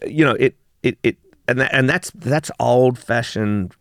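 A man's voice: mid-range voice, unhurried, dry recording, clean studio sound. A middle-aged Australian man, a company co-founder, telling stories in a casual interview chat, repeating words and swearing now and then. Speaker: gin company co-founder, guest.

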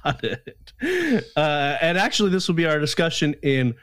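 A man's voice: fairly high pitch, very animated, normal speed, a bit bright. A man co-hosting a casual podcast, reading comments and laughing often. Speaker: podcast co-host.

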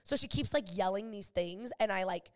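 A woman in her twenties co-hosting a podcast, telling a rambling story in casual chat and acting out what people said. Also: medium pitch. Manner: animated, acts out quoted voices, fast rambling. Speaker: podcast co-host.

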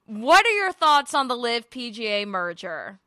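A woman co-hosting a podcast, chatting casually in a studio with quick, chatty asides. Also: on the high side, sing-song, bright, forceful tone. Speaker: podcast co-host. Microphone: studio mic with headphones.

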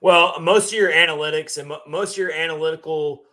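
A man co-hosting a sports podcast, talking casually and at length with relaxed fillers. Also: a little high. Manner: relaxed, talkative, drawn-out fillers. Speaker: podcast co-host.

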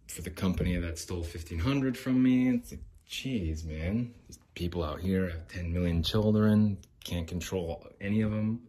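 With a deep, warm voice, a middle-aged man from the US rants as a podcast host. He's casual, aggrieved, and rambling, swearing without restraint. He's recording outside near an apartment complex.

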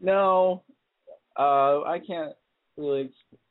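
An eighteen-year-old man calls in over a thin, phone-like line. He speaks slowly and haltingly, full of pauses and ums. His voice sits at a middling pitch and sounds dry. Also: dry recording. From California. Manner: hesitant, halting, many ums. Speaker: caller. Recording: tinny phone-line call.

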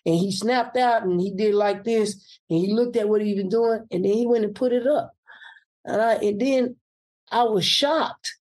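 A man's voice: high voice, moderate pace. A man, a political candidate, telling a personal story and acting out what people said. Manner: animated, acts out quoted speech.

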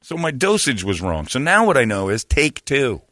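A man's voice: medium pitch, very animated, normal speed, fairly bright tone, no echo, studio quality. A man in his fifties telling rambling, self-mocking stories in a casual comedic chat. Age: 50s.

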